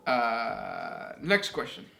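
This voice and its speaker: A man's voice: medium pitch, big pitch swings, very slow, vocal fry, bright, forceful tone. Easygoing man reading questions, echoey room. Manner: easygoing, many "um" and "yeah" fillers. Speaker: podcast co-host reading listener questions. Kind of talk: casual chat. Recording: echoey room with faint noise.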